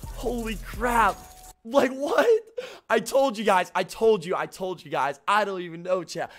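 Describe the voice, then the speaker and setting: A man's voice: sits high, normal speed, fairly bright tone. A young man streaming a video game live, chatting with his viewers, greeting them by name and repeating himself when flustered. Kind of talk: live gameplay commentary to chat.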